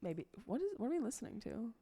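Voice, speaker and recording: A woman's voice: fairly high pitch, big pitch swings, quick pace, mellow, slightly rough. A young woman streaming, chatting casually and rambling to her viewers, swearing freely along the way.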